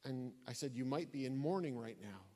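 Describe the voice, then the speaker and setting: Expressive and fairly quick, a man with a dark, mid-range voice delivers a sermon-like talk in a church hall, and the sound is big and roomy. He tells earnest stories to the audience and hammers home key phrases through repetition.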